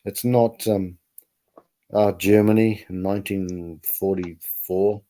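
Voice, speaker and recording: A man's voice: low voice, fairly even intonation, slow, dark tone. A man, chatting casually in a rambling way, often repeating words. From New Zealand. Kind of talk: casual chat.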